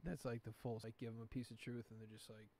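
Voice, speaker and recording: A man talking loosely as a podcast host, his speech full of fillers and swearing. His voice sits at a middling pitch, and the talk drifts from thought to thought in an easygoing, unscripted way. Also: flat delivery, fast talker, dark tone, slight background noise. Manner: rambling, profane, heavy filler words. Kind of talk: casual chat.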